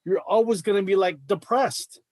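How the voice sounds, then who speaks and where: A man's voice: high-pitched, normal speed, darkish tone, no room sound. A middle-aged man, a martial arts coach, talking in a fired-up, emphatic way on a podcast. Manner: fired-up, emphatic, says bro a lot. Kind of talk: casual podcast chat.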